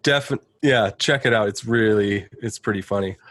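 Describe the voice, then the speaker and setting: Laid-back low-voiced man, dry studio sound. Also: normal speed, a bit bright, no room sound. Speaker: podcast guest, studio engineer. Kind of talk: casual chat.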